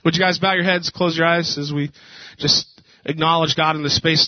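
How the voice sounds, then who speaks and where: A male pastor preaching a casual sermon, telling jokes and stories with a relaxed, conversational manner. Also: on the high side, normal speed, no echo. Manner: casual, joking storyteller. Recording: dull dry lo-fi.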